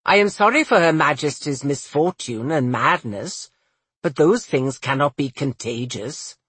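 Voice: mid-range voice, animated, a little slow, fairly bright tone, breathy edge, dry recording, heavily acted. A narrator voicing a determined young noblewoman guardian who questions insistently.

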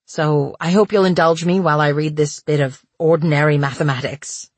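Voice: mid-range voice, fairly even intonation, dry recording, close to an everyday voice. A narrator voicing a nervous young male academic with a vaguely British accent. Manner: nervous, halting delivery.

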